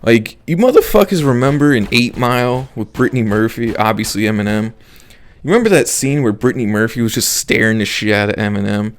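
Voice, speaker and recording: A man's voice: medium pitch, expressive, brisk. A young man vlogger telling a story to camera in a casual, profane, rambling and incredulous way.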